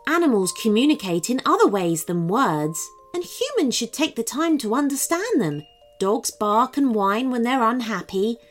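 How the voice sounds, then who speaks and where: A woman voicing a gentle, patient female horse that explains things kindly in a children's story. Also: a little high, big pitch swings, normal speed, soft background music. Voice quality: soft. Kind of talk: storybook character voice.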